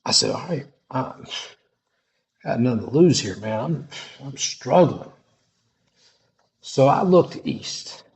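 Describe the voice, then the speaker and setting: A man's voice: medium pitch, expressive, slow, vocal fry, pauses often, darkish tone. A middle-aged man telling a personal testimony in a casual, slangy, dramatic way. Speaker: storyteller sharing a testimony.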